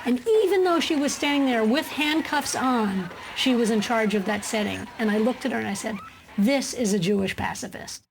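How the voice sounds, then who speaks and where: A woman's voice: on the high side, fairly quick, hardly any pauses, background noise. A woman telling a story in a documentary interview, vividly recalling events and quoting what others said. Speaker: interviewee, fellow activist.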